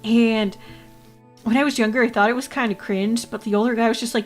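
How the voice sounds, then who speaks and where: A woman's voice: a little high, steady tone, brisk, faint music behind. A woman from Canada, chatting casually with her livestream chat, rambling and laughing often. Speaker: VTuber streamer.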